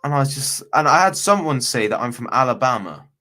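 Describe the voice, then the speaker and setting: Chatting casually as a guest on a video call livestream, this Bristol, England man rambles in slang and keeps restarting his sentences. His medium-pitched voice is animated, fairly quick, pushed and bright.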